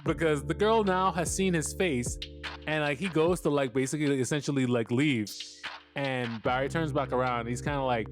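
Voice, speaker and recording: A man hosting a casual podcast, telling a story in a loose, rambling way that is packed with fillers and swearing, and he breaks into laughter often. His voice sits at an ordinary middle pitch. Music plays clearly behind him. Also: normal speed. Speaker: podcast host. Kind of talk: casual episode recap.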